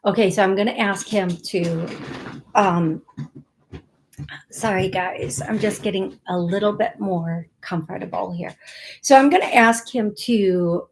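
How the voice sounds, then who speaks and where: A woman hosting a live psychic reading, speaking in a halting way, repeating words and thinking aloud, soft-spoken and emotional. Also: mid-range voice, a little hiss or hum. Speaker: psychic medium host.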